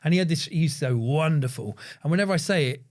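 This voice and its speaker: A man, a podcast guest speaking reflectively, with many pauses, fillers and restarts. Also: on the high side. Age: 40s. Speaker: podcast guest, agency founder. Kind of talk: reflective conversation.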